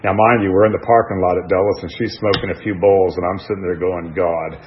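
A man with a very deep voice tells his own life story in a loose, rambling way, breaking off into asides and making fun of himself. He sounds middle-aged and American, and the recording has a dull, muffled radio quality. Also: fairly even intonation, fast talker, slight background noise. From United States. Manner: rambling, self-deprecating, with frequent restarts and asides. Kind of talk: candid personal storytelling.

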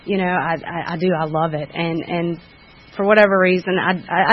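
A woman's voice: lowish voice, steady tone, moderate pace. A woman giving a candid personal recovery testimony at a meeting, frank and self-critical, often restarting with fillers. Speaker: speaker sharing at a recovery meeting. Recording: dull lo-fi recording.

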